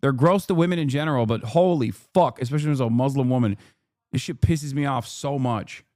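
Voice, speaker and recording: A slightly fast, somewhat mellow mid-range voice belongs to a man streaming a reaction video, heard in clean studio sound with no echo. He rants in a heated, profane way, throwing out indignant rhetorical questions.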